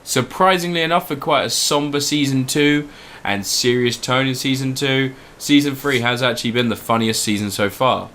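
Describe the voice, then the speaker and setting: A man's voice: mid-range voice, normal speed, few pauses, a bit bright, a little hiss or hum. A young man co-hosting a podcast, rambling and joking casually as he reviews a show. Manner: rambling, jokey, swears casually. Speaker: podcast co-host.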